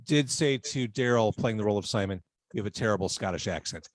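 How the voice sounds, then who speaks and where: A man hosting a live podcast interview, asking quick, playful, teasing questions. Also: lowish voice. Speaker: podcast host.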